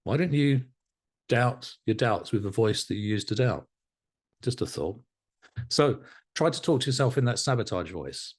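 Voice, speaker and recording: A man teaching a live online hypnotherapy class, animated and encouraging, often laughing as he talks to students. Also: mid-range voice, normal speed, husky. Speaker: hypnotherapy instructor.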